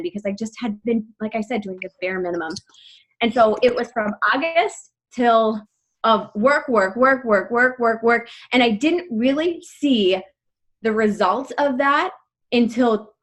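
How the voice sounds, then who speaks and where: A woman in her thirties speaks on a team call in a fairly high voice, her words tumbling out fast and breathless with many "like" fillers. Her voice shakes with emotion as she talks to her team. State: voice shaking with emotion. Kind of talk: casual personal story on a team call.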